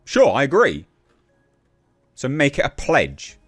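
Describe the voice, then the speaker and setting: A man's voice: medium pitch, wildly swooping pitch, slow, slightly rough, soft background music. A man giving casual political commentary, blunt and exasperated, with mocking sarcastic asides.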